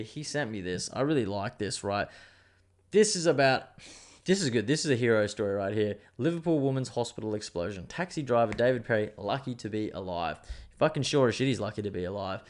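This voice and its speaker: A man hosting his own podcast, telling a news story in a rambling, animated way with plenty of swearing. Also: fairly low pitch, brisk. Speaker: podcast host. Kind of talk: casual solo podcast rant.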